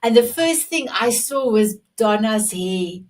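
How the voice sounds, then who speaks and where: Woman host, effusive and praising, halting restarts, sits back from her call mic. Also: on the high side, lively intonation, recorded from a distance. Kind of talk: live online author show.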